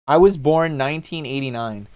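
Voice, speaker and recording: A man's voice: a little high, moderate pace, a little mellow, a little hiss or hum. A man in his thirties hosting a livestream, talking casually in a slangy, profane, rambling way. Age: 30s. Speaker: livestream host.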